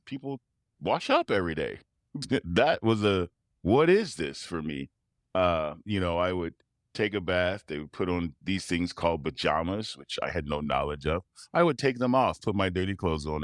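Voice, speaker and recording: A man, a tuba player, telling personal stories as a guest, animated and often laughing. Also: sits low, moderate pace, dry recording, studio quality. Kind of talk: interview storytelling.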